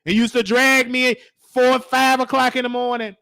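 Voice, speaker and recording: A man's voice: extremely high pitch, level tone, moderate pace, creaky, bright, forceful tone. A man hosting a casual reaction commentary, teasing and preachy, stretching out words like "honey". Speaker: show host.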